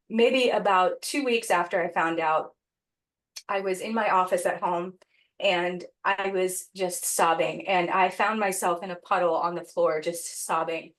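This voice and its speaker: Appearing as a guest on an interview podcast, a lowish-voiced woman reflects on a personal story. She's earnest, with pauses and restarts along the way.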